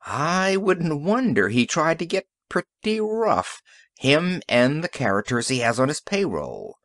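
A weary middle-aged police sergeant, read by a man with a gruff, rueful tone and a lively, swinging delivery. The sound is close and dry, as in a home studio audiobook. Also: on the high side, a little slow, dry recording, heavily acted. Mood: wry. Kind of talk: audiobook character reading.

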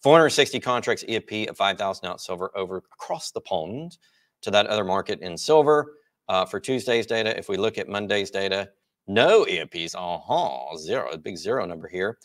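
A man's voice: fairly low pitch, lively intonation, a little fast, fairly bright tone. A man hosting a market report, explaining charts in a casual, explanatory way. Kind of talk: financial market commentary.

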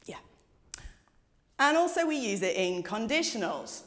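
A woman teaching an English lesson, explaining grammar clearly with examples. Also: mid-range voice, big pitch swings, measured pace. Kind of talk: scripted language lesson. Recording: reverberant room.

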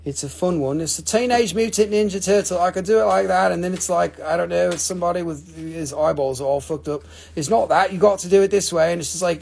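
Man, high voice, lots of vocal fry, playful sales banter, casual live-stream host. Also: moderate pace, darkish tone. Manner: joking, playful salesman patter. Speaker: host selling rocks in a live auction.

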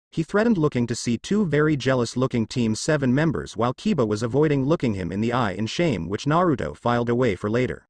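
Man narrating a story with lively pitch. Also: fast, hardly any pauses, dry recording. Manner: steady storytelling read. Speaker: fanfiction narrator.

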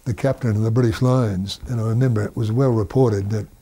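A man's voice: fairly low pitch, fairly even intonation, brisk, mellow. A man from New Zealand recalling events in a dry, hesitant way. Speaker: interviewee. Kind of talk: interview recollection.

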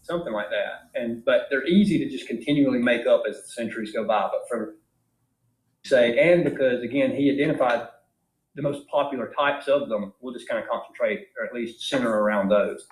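A man's voice: medium pitch, a little fast. A man giving an informal philosophy lecture in an emphatic way, asking his class many rhetorical questions. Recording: echoey room.

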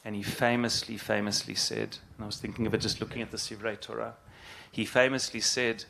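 A middle-aged man, a rabbi, giving an earnest, halting spoken address and repeating phrases for emphasis. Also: fairly low pitch, level tone, gravelly, pushed and bright.

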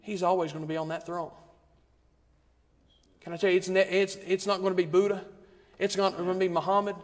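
Male preacher, high voice, rhythmic repeated refrains, long church reverb. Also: flat delivery, brisk. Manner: rhythmic, repetitive preaching with rising emphasis. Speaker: guest preacher. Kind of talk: sermon. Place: church sanctuary.

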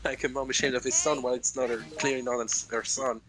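A man's voice: medium pitch, quick pace. A man co-playing a horror game on a stream, chatting casually and giggling as he riffs on the characters. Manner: lively, giggly, does playful impressions. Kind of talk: casual gaming chat.

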